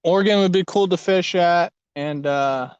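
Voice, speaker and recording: A man's voice: sits high, normal speed, smooth, no echo, lo-fi sound. A young man telling rambling, profane fishing stories in casual chat outdoors at a lake. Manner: profane, rambling, animated storytelling. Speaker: fishing vlogger. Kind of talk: casual storytelling while fishing.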